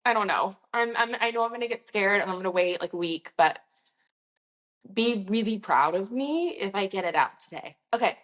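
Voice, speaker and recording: A woman's voice: mid-range voice, animated, normal speed, a bit bright. A woman working as a nurse injector, talking casually to camera in a chatty, reassuring, rambling way. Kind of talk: casual talk-to-camera vlog.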